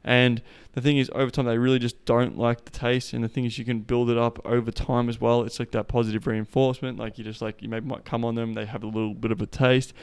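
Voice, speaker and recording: A man hosting a casual podcast monologue with a smooth, resonant voice. His pitch stays fairly level and doesn't rise or fall much. He talks loosely, swears freely, and keeps falling back on filler phrases. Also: flat delivery, fast, hardly any pauses. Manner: profane, loose, full of "like" and "the thing is". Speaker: podcast host.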